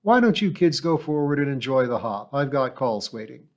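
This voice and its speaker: A genial middle-aged businessman excuses himself with brisk good humor, read by a man. His delivery is quick and friendly, like a busy father in a storybook. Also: medium pitch, very animated.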